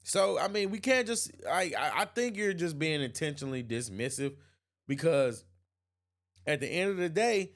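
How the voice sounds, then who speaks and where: Man, livestream host, raised pitch, emphatic, repetitive, laughs between points. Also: expressive, moderate pace. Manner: emphatic, repeats himself, laughs often. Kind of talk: opinion livestream reading chat comments.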